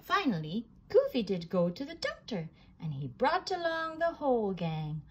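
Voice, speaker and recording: A woman reading a children's storybook aloud in a gentle, expressive way. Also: on the high side, normal speed, husky, rough recording.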